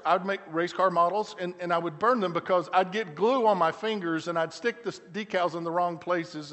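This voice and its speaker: A middle-aged man, a pastor preaching a sermon, telling stories with frequent restarts and shifting between loud emphatic lines and quiet, slow asides. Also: high-pitched. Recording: church hall with long reverb.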